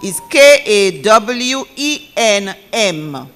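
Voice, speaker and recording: A woman's voice: medium pitch, sing-song, very slow, faint music behind. A woman acting as pronouncer at a spelling bee, saying each word twice and spelling out corrections letter by letter. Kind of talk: competition announcing.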